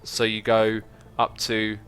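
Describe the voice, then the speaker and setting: A man hosts a casual gaming livestream, talking easily to his chat and working things out aloud. His voice is bright and forward, with a smooth, clear tone. A faint bed of music sits under his talk. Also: fairly low pitch, monotone, slow pace. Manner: chatty, reads chat aloud, thinks out loud. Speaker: livestream host.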